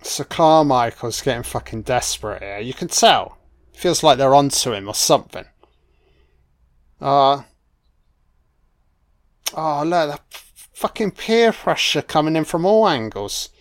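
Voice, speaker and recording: A man talks his way through a film as it plays, reacting live and cursing freely at the characters. His delivery is slow and unhurried. He talks straight back at the screen as if the people in it could hear him. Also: a little high, animated. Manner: profane, talking back at the screen. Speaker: film commentator.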